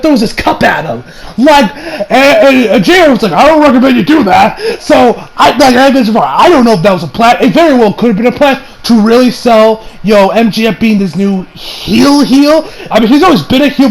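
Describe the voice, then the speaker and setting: A man giving a casual, excitable and profane wrestling review monologue, rambling with restarts. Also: very high voice, gravelly, rough recording.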